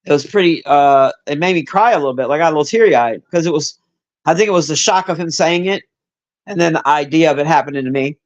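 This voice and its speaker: A man's voice: on the high side, fast talker, muffled recording. A man streaming and chatting casually with viewers, swearing freely, rambling with lots of fillers and answering chat by name. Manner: profane, rambling, with many fillers; talks straight to chat by name.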